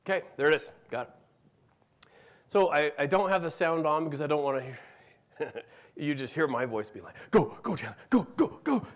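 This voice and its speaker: Man telling a lively family story. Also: on the high side, moderate pace, pauses often. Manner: animated storytelling, acts out family dialogue. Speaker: conference speaker. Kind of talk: conference talk with family story. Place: conference room.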